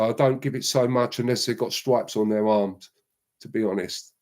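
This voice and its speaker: A middle-aged man, a show guest rambling through slangy, lively anecdotes in casual chat. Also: mid-range voice, moderate pace.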